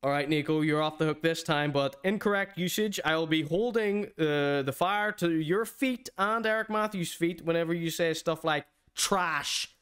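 A man's voice: a little high, normal speed, few pauses, fairly bright tone, smooth. A man hosting a streamed show, giving a mocking, theatrical comedic rant.

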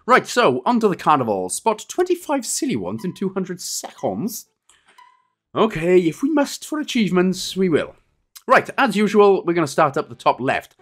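A man in his thirties narrating a game walkthrough in a casual, rambling, joking way, his voice going a little hoarse. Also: high voice, huge pitch swings, normal speed. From Wales. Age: 30s. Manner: jokey, rambling, self-deprecating asides. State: losing his voice a bit. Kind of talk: casual gameplay walkthrough commentary.

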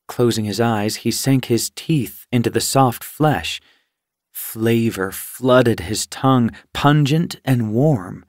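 A man narrating an audiobook in a measured, even storytelling voice, recorded in a studio booth. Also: medium pitch, no echo. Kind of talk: scripted narration. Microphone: studio mic.

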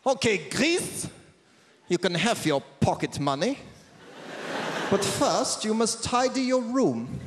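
A man's voice: sits high, very animated, slow pace, long pauses, roomy sound, in a large hall, slight background noise, voice pushed up, full character voice. A man voicing a stern, bossy German man in a mock German accent, with clipped, barking commands, as a stand-up comedy impression. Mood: scolding. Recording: theatre stage with loud audience.

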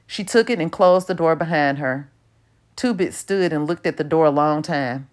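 A woman narrates an audiobook in a low voice. Her delivery is steady and even, with an unhurried storytelling manner.

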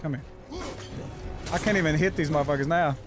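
A man streaming live gameplay, talking through fights with a lot of swearing and frustrated yelling. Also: on the high side, a little fast. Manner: excitable, swearing, yells in frustration. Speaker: gaming streamer. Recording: game music behind the voice.

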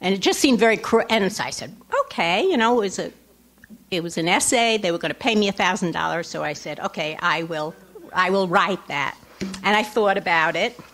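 A woman's voice: lowish voice, expressive, fairly quick, fairly bright tone, slight background noise. Middle-aged woman author, wry live reading of her own essay, asides to the crowd. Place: lecture hall before an audience.

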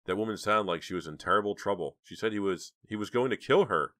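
A man's voice: lowish voice, quick pace, bright, forceful tone, dry recording, studio quality, voice pushed up. A man voicing a worried, level-headed teenage girl who talks urgently. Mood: anxious. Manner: anxious, urgent.

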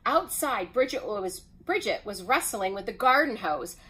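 A woman reading a children's picture book aloud as storyteller, in an expressive way. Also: mid-range voice, low-quality recording. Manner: expressive, unhurried.

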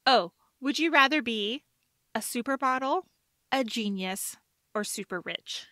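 A woman co-hosting a podcast, playful and teasing, quick to laugh in casual chat. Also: on the high side, animated, bright, forceful tone, no echo. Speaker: podcast co-host.

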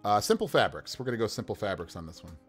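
This man, a game master on a livestream, builds characters with dice rolls and chats casually, laughing often and staying animated. He speaks quickly in a fairly low, breathy voice, with soft music in the background.

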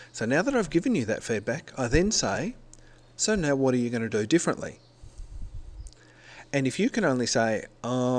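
A middle-aged man from Australia, a teacher, giving a recorded presentation in a conversational way, correcting himself as he explains step by step. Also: mid-range voice.

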